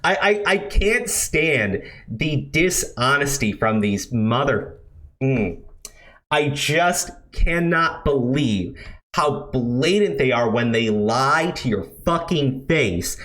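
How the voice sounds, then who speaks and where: A man's voice: medium pitch, animated, slow, sharp tone. A man tears into his subject in a heated commentary rant. His voice swings widely up and down, and his talk is profane and full of stammered restarts. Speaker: video commentator.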